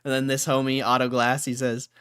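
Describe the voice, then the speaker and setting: A man's voice: mid-range voice, completely flat delivery, brisk, fairly bright tone, clear, resonant tone. A man hosting a casual livestream, reading online comments aloud with frequent laughs and slangy asides. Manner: casual, laughs often, says bro. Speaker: livestream host.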